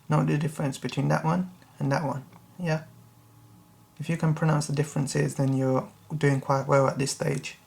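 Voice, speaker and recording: A man teaching beginner Quran reading. He spells out Arabic letters, recites each word slowly and carefully, and checks in with the learner. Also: a little high, flat delivery, vocal fry, darkish tone. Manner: checks in with the learner with a frequent "yeah?". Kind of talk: slow tutorial recitation lesson.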